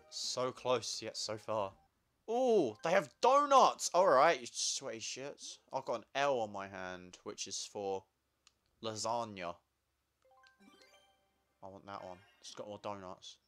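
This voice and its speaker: A man's voice: fairly low pitch, a little slow, a bit bright, soft background music. A young man giving crude, sarcastic, swear-heavy commentary while playing a party video game. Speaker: gamer. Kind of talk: let's play commentary.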